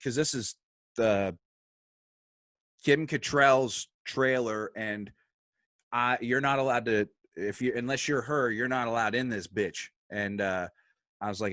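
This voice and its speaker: A podcast guest at normal speed and medium pitch recounts a story with lots of energy, free swearing, and acted-out quotes from the people in it, on a casual show. The recording is clean studio sound without any room sound.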